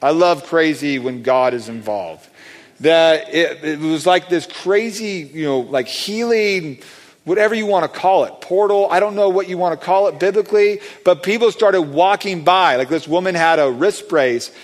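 Man, slightly high voice, rambling testimony, lots of fillers, long hall echo. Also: normal speed. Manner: rambling, many fillers and restarts; animated, acts out quoted voices. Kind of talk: excited storytelling testimony.

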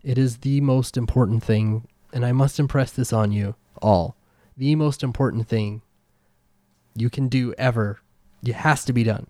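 A man voicing a calm, mysterious monk who speaks in solemn, measured words. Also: medium pitch, no room sound, clean studio sound, natural voice.

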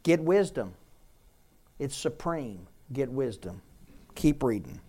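Male preacher, mid-pitched, emphatic sermon delivery with loud and quiet swings. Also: sing-song, slow pace, breathy edge.

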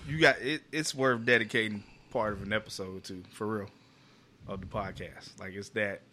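A man with a bright, forward voice hosts a casual podcast. He talks with lively enthusiasm and heavy slang. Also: lowish voice, moderate pace, slight background noise. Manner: animated, enthusiastic storyteller with slang. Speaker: podcast host. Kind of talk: casual chat.

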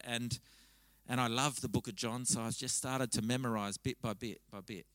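Bright-voiced man preaching a conversational sermon. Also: medium pitch, normal speed, no echo, poor audio. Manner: conversational, animated storytelling with frequent restarts. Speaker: pastor. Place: church service.

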